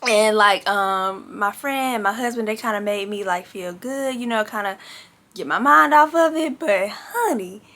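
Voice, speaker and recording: Bright, animated young woman telling a story. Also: mid-range voice, measured pace. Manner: animated, dramatic retelling with frequent "like" and "baby". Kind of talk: casual storytime to camera.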